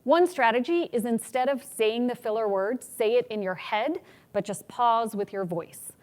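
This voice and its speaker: Energetic woman teaching public speaking. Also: on the high side, moderate pace. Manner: energetic, demonstrates examples in changed voices. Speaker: workshop presenter on public speaking. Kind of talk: teaching a conference workshop.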